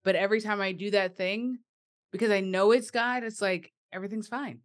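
A woman's voice: mid-range voice, steady tone, brisk. A woman hosting a podcast in casual chat, affirming her guest and laughing often. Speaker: host.

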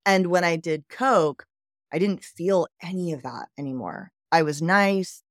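A woman's voice: on the low side, a little slow, dry recording, studio quality. Candid woman telling a raw personal story. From southern United States. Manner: candid, animated retelling with quoted dialogue and laughs. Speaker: guest.

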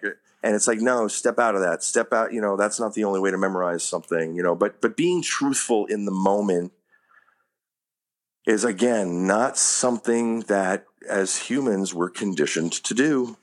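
A man talking as an acting coach in a casual interview, rambling with lots of "you know what I mean" and casual swearing. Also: deep voice.

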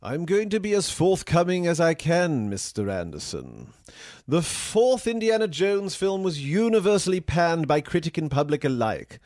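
A man's voice: on the high side, very animated, normal speed, a little mellow, no room sound, studio quality. A man playing a snooty, sarcastic AI chatbot. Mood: haughty. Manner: pompous, condescending, theatrical. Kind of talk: comedy sketch acting.

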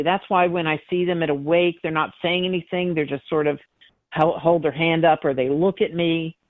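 A woman's voice: low voice, no room sound. A middle-aged woman psychic medium tells her stories animatedly, slipping into the voices of the people she quotes. Her voice comes through a thin, phone-like line. The sound is dry and close. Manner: animated, acts out quoted voices, laughs often. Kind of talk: emotional interview storytelling.

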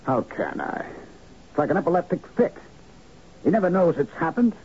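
In a 1970s radio drama heard through a dull lo-fi broadcast recording, a man plays a cunning, scheming executive aide, curt and lecturing, who explains things through analogies. His exaggerated voice is high and sing-song with vocal fry, a bit mellow yet slightly rough, at normal speed.

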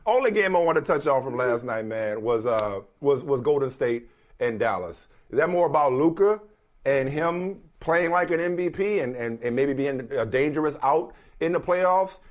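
A man's voice: medium pitch, animated, normal speed, lo-fi sound. Playful male sports show host. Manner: playful, laughing, stammering.

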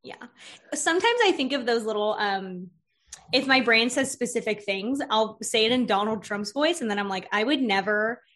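Give me a high-voiced, playful woman hosting an interview. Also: moderate pace. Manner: energetic, playful, uses vivid metaphors. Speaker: podcast host. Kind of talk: casual interview chat.

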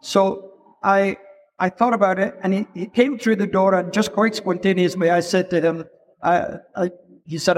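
An older man giving an unhurried keynote talk in an event hall. He tells stories and drops in frequent "you know" asides. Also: high voice, fairly even intonation, a little hiss or hum. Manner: unhurried, storytelling with frequent 'you know' asides. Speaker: keynote speaker, photographer. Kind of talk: anecdotal stage talk. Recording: long hall reverb.

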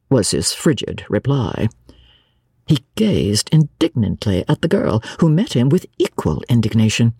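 Expressive husky woman reading a novel. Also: very deep voice, a little slow, no echo, clean studio sound. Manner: expressive, theatrical. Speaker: narrator. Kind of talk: dramatic reading of a classic novel.

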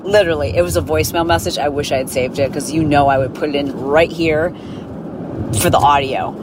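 Woman podcast host, lowish voice, animated storyteller. Recorded in a car with audible road noise. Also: brisk. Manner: animated, acts out voices in her stories. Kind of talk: casual storytelling. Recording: clear road noise behind.

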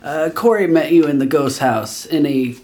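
An actor playing a blunt, matter-of-fact former soldier in an audio drama. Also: male voice, a little high, lively intonation, moderate pace, darkish tone.

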